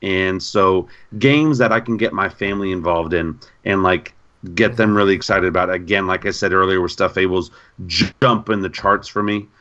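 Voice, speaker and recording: A man co-hosting a gaming podcast in casual chat, an animated storyteller who repeats himself. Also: low-pitched, normal speed, highs cut off. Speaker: podcast co-host.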